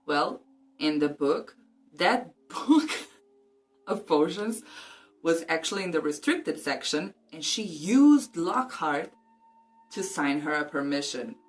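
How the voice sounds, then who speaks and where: Low-voiced woman vlogging, cheeky asides. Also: animated, a little slow, soft background music. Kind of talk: casual book commentary with read-aloud passages.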